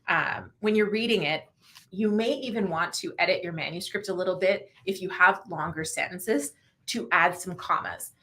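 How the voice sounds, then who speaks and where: A woman hosting a casual livestream, chatty and quick to laugh, who answers viewer questions and reads passages aloud to show how to narrate. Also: on the low side, fairly bright tone. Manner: chatty, laughs often, demonstrates slow audiobook reading. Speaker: livestream host.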